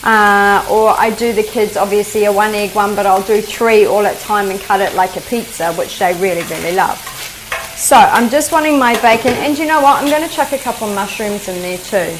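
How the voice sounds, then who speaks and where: A woman's voice: medium pitch, a little fast, slight background noise, poor audio. A woman with a New Zealand accent hosting a live cooking demonstration, chatting homely as she explains each step. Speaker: cooking show host.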